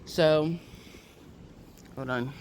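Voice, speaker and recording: Slow-talking woman acting out dialogue. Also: deep voice, slight background noise. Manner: animated, acts out quoted dialogue in a raised voice. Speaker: campus security officer. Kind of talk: casual storytelling vlog. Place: walking to her car through a parking garage. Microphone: phone held while walking.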